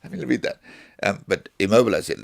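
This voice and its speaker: A man's voice: lowish voice, fast, creaky, dry recording, studio quality. A man, a snake wrangler, talking bluntly in casual chat and acting out little scenes. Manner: blunt, animated storyteller, acts out voices.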